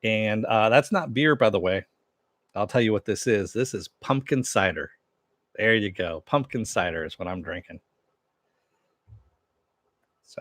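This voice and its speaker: A man hosts a relaxed home stream, reading viewer comments and rambling through TV episodes with plenty of fillers. His voice sits low, and the sound is dry and close. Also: no room sound. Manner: rambling, loose, with many fillers and restarts. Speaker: show host. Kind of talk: casual live-stream chat with viewers.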